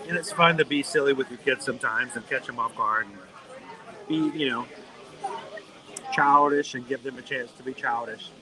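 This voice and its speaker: A middle-aged man hosting a live stream, telling a playful story in a casual, animated way, outdoors in a theme park. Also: mid-range voice, normal speed, pauses often, low-quality recording. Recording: busy crowd noise behind. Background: crowd, park sounds.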